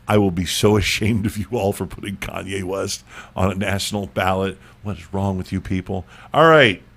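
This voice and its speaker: Teasing low-voiced male host. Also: normal speed, fairly bright tone. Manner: joking, teasing, repeats words. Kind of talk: casual podcast chat.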